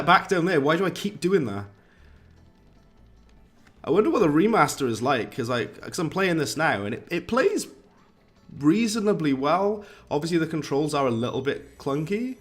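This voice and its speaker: A man, chatting casually and rambling to viewers while streaming a game. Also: on the high side. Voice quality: posh-sounding.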